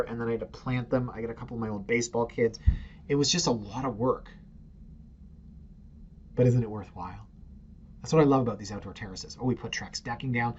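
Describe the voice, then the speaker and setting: A man's voice: mid-range voice, dull audio, slight background noise. A middle-aged man, hosting a casual, opinionated commentary on real estate listings with sarcastic, muttered asides. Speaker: real estate agent host.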